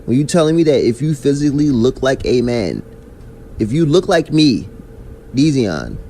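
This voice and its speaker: A man's voice: medium pitch, normal speed, a little hiss or hum. A man hosting a podcast, ranting in casual chat full of slang. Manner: animated, ranting, heavy slang. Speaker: podcast host.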